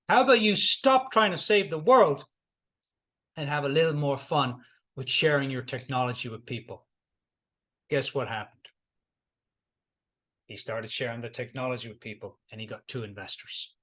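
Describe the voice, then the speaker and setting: A man's voice: medium pitch, normal speed, long pauses, a bit bright. A middle-aged man, a life coach, giving a motivational talk and retelling client stories, repeating key lines for emphasis.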